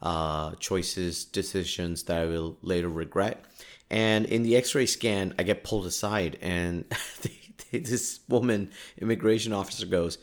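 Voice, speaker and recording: A man's voice: deep voice, moderate pace. A man hosting a podcast, telling a story in a casual, self-deprecating way and laughing often, recorded on a podcast mic. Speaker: podcast host. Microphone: podcast microphone.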